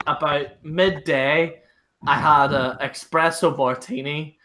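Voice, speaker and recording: A man's voice: on the high side, steady tone, takes it slowly, pushed and bright, slight background noise. A young man from Northern Ireland with a Northern Irish accent, hosting a casual live-stream chat and telling pub stories full of swearing and laughter. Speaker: show host.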